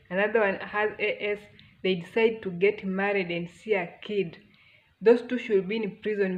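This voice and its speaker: A woman's voice: medium pitch, dull audio, lightly acted. A woman with a Kenyan accent voicing a pushy, judgmental woman passenger who lectures and scolds.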